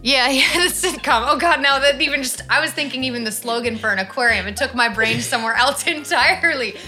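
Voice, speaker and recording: A woman's voice: high voice, fairly quick, sharp tone, soft background music. A woman co-hosting a podcast in casual chat, laughing often between her remarks. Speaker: podcast co-host.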